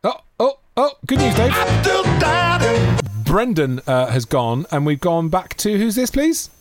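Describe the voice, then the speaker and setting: A man co-hosting a podcast, joking quickly and taking calls from listeners. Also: high voice, sing-song, music in the background. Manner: quick, jokey, talks over callers. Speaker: podcast co-host. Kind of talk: casual chat.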